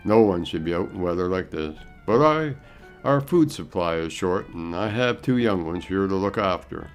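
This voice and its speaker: A man voicing a young frontier mother who speaks softly and hesitantly. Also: deep voice, lively intonation, moderate pace, soft background music. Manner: soft, hesitant.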